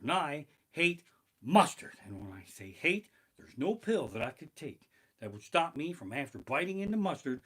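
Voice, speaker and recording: A man performing a profane stand-up comedy set, streamed live from his living room, breaking into shouted bursts of panic. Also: medium pitch, very animated, normal speed, breathy edge. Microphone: basic home streaming mic.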